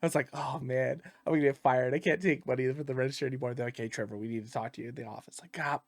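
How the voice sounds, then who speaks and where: A man's voice: mid-range voice, rapid-fire, no room sound, clean studio sound. A man telling stories in a casual podcast, swearing a lot and laughing often. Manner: profane, animated storyteller who laughs often. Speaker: podcast co-host.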